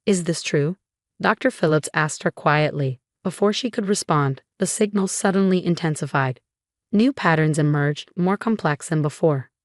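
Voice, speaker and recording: A woman narrating a first-person story in a steady, even way. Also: low-pitched, normal speed, no room sound, clean studio sound.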